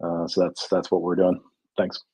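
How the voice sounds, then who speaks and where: Low-voiced man, halting and relaxed. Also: slightly rough, rough recording. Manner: halting, filler-heavy, relaxed banter. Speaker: guest describing his DeFi project. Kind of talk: casual chat in an audio room.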